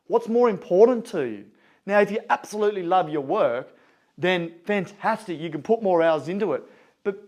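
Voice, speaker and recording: Aussie motivational speaker, earnest, fairly high-pitched. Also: male voice, a little mellow. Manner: earnest, storytelling, conversational. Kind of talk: motivational talk.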